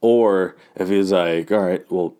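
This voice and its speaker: A man's voice: sits low, unhurried, warm tone, smooth. A man giving a loose, rambling and profane recap of fight results, full of fillers and restarts. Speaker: fight fan recapping a card. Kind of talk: casual talk.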